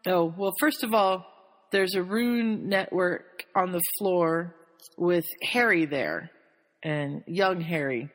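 A woman's voice: lowish voice, slow. A woman host in casual chat, animatedly recapping a story, laughing often and slipping into quoted voices. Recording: long hall reverb.

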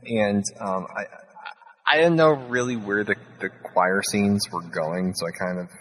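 A man's voice: lowish voice, unhurried, fairly bright tone, low-quality recording. A young man hosting a podcast, chatting casually in a joking, self-deprecating way. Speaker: podcast host.

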